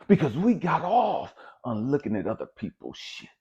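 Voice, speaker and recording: A man delivers a blunt, profane motivational monologue, repeating his points for emphasis. His voice is husky and fairly high, with a lively, swinging pitch. The recording sounds dull and lo-fi. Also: moderate pace. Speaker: spiritual motivational speaker.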